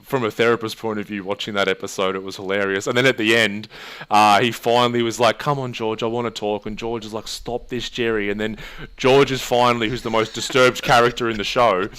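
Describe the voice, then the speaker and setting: A man's voice: on the low side, brisk, clear, resonant tone. A man, a therapist co-hosting a podcast, chatting casually and retelling stories with energy. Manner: chatty storyteller, animated retelling. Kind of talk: casual chat.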